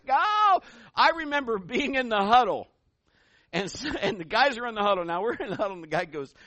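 A middle-aged pastor preaches a sermon, animatedly telling stories and building up to loud calls. His voice is high-pitched, and the recording is dry.

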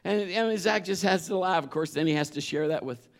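Male preacher with a high voice, conversational sermon, earnest and emphatic, folksy storytelling between scripture points. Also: a little fast. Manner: earnest, emphatic, mixes scripture with personal anecdotes.

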